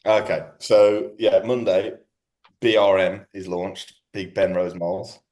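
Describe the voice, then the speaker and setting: Slangy man, low voice. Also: measured pace. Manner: excitable, swearing, slangy banter. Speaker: guest, bodybuilding prep coach. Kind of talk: casual podcast chat.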